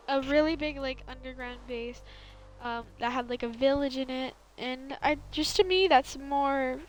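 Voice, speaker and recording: A woman's voice: high voice, unhurried, poor audio. A young woman streaming a building game, chatting casually and rambling with lots of fillers in a valley girl lilt. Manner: rambling, filler-heavy, self-correcting. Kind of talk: casual chat while gaming.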